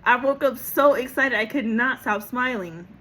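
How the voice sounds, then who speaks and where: A woman with a slightly high voice records herself on her phone, telling a personal story in a loose, chatty way. She is animated, laughs often, swears casually and acts out what other people said. A faint hiss sits behind her voice. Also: moderate pace. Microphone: phone camera.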